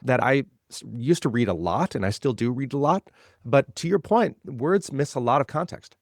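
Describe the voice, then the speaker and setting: A man's voice: medium pitch, animated, moderate pace, dry recording, clean studio sound. A man being interviewed as a legal tech guest, explaining ideas in a conversational way and building points by repeating phrases.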